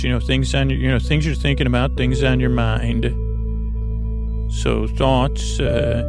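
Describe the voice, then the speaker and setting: A middle-aged man hosting a sleep podcast, talking in a meandering, self-interrupting, soft and lulling way with a creaky voice. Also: mid-range voice. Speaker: podcast host. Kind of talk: rambling sleep podcast monologue.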